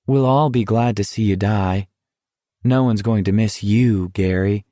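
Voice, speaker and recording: A man's voice: lowish voice, mellow, no echo, clean studio sound, natural voice. A man voicing a bitter, shaken teenage boy who speaks with cold cruelty in an audiobook. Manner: cold and cruel, drawn-out delivery. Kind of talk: audiobook character voice.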